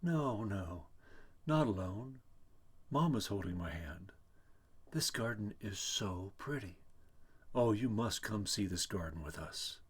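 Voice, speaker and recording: A man voicing a calm, dreamy middle-aged woman who speaks slowly and softly. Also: on the low side, slightly rough, heavily acted.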